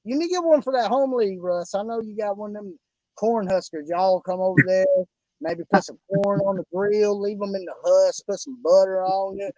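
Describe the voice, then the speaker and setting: A man's voice: high voice, normal speed, warm tone, no room sound, low-quality recording. A man with an Oklahoma country accent hosting a casual fantasy football podcast, folksy and effusive, calling everyone buddy and brother. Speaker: podcast host.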